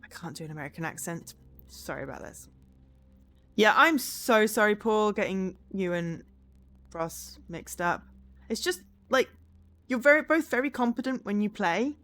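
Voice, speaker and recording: A woman's voice: mid-range voice, lively intonation, moderate pace, a bit bright. A woman streamer reading game narration aloud and chatting with her viewers in a chatty, self-deprecating way.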